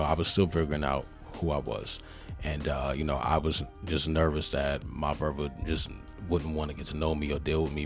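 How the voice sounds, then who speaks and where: Very deep-voiced male podcast host. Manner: laid-back, conversational, frequent "you feel me" asides. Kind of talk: casual solo podcast monologue.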